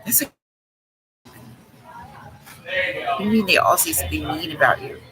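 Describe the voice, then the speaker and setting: A woman's voice: on the low side, normal speed, poor audio. A woman hosting a tarot livestream, ranting in a blunt, profane, scornful way. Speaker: tarot reader and livestream host. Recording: music playing behind.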